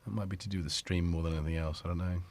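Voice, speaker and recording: Talking very fast in a low, fairly even, slightly mellow voice, a middle-aged British livestream host chats casually into his studio mic. He rambles, often interrupts himself, and keeps up easy banter with the audience.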